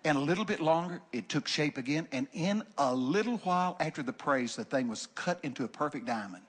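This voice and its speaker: An older man preaching from the pulpit, telling folksy stories in an animated way, with joking and loud bursts. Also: on the high side, a little fast, husky. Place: church sanctuary.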